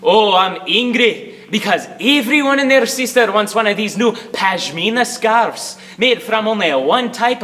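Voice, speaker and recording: A man's voice: high-pitched, sharp tone, exaggerated voice. A young man playing a grumbling, self-pitying Scottish shepherd in a put-on Scottish accent, performing a humorous interpretation piece. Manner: ranting, self-pitying, theatrical. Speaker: student competitor.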